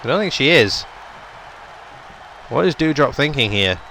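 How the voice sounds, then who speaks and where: A man's voice: medium pitch, expressive, a little slow, creaky, bright, forceful tone, some chatter behind, a little hiss or hum. A young man giving running play-by-play commentary on a wrestling video game, his voice jumping up on the big moves. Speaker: gaming YouTuber.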